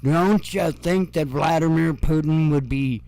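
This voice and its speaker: A male commentator talks slowly and deliberately, his sarcasm sharpened by swearing and chuckling asides. His voice sits a bit high for a man, and the recording is dry and close. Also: vocal fry, a little mellow, no echo. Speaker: news commentary host. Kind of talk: casual news commentary.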